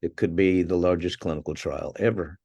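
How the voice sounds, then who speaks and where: Deep-voiced man telling anecdotes. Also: fairly even intonation, fairly quick, vocal fry, dark tone, dry recording. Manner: anecdotal, chuckles while telling stories, stumbles and restarts words. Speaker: podcast guest. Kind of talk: conversational storytelling interview.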